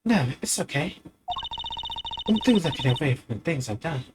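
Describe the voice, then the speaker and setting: A woman voicing a shy, soft-spoken young woman artist who speaks quietly. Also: low voice, lively intonation, normal speed, heavy background noise. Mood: remorseful. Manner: quiet and hushed.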